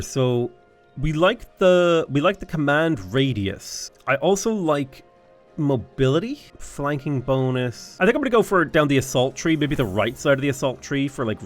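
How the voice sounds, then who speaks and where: A man's voice: on the high side, animated, moderate pace, faint music behind. A young Irish man giving chatty, enthusiastic let's-play commentary, thinking aloud as he plays a strategy game. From Ireland. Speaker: gaming YouTuber.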